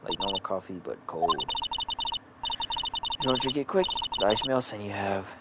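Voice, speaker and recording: A man's voice: on the low side, animated, normal speed, heavy background noise, close to an everyday voice. A man putting on a coy, whiny young woman witness. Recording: loud game music behind.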